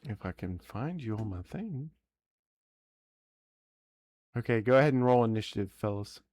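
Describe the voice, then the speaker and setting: A man running a tabletop game as dungeon master, narrating in a relaxed, rambling way and often correcting himself. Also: medium pitch, moderate pace, no room sound, clean studio sound.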